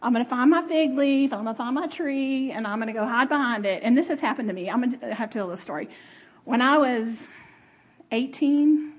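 A middle-aged woman giving a conversational sermon, expressive, laughing often and talking with the audience. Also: on the high side, a little fast, phone-quality sound. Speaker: speaker.

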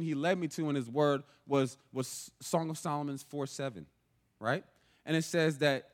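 Young male preacher, casual sermon delivery, slightly higher voice, lively. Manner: animated, conversational, often asks "right?".

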